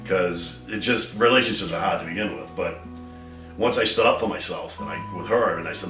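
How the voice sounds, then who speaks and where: A man's voice: sits low, a little fast, far from the mic. A middle-aged man telling the story of his marriage in a casual interview, acting out the quotes with bursts of laughter. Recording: echoey room from afar with music.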